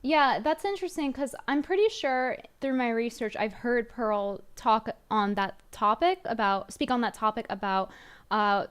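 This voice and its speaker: A woman's voice: mid-range voice, clean tone. A woman streamer giving wry commentary and explanations while reacting to a clip. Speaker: streamer host.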